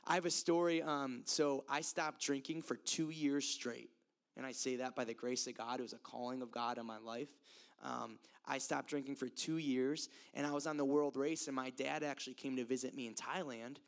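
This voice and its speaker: Gravelly young man preaching casually. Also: mid-range voice, steady tone, moderate pace. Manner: conversational, earnest, laughs at himself. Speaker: youth preacher. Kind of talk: casual sermon.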